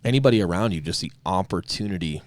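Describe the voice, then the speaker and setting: Fast-talking low-voiced joking man. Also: lively intonation, no room sound. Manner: joking, irreverent, quick to laugh along. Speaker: podcast host. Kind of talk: casual podcast chat.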